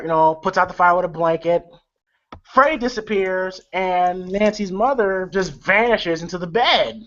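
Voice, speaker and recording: The reviewer's voice sits high, bright and forceful as he gives a casual, rambling movie recap. Expect lots of fillers, swearing and chuckles, recorded lo-fi with a bit of background noise.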